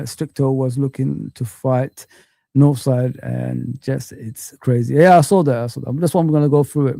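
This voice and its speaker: A man's voice: mid-range voice, gravelly, warm tone, no echo, studio quality. A man, hosting a casual live-stream chat, rambling and puzzled, with many fillers and repeated questions. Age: 40s. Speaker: host.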